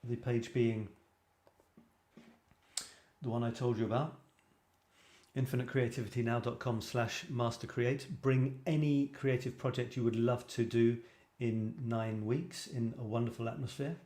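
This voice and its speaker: British male host, mellow voice, rambling and self-deprecating, roomy echo. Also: mid-range voice, steady tone, unhurried. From Britain. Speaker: host of a photography show. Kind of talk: casual livestream chat. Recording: echoey room.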